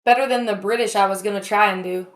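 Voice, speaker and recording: A woman's voice: medium pitch, steady tone, quick pace. A woman playing a tabletop game, joking about herself and chatting casually. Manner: self-deprecating, joking. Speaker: player.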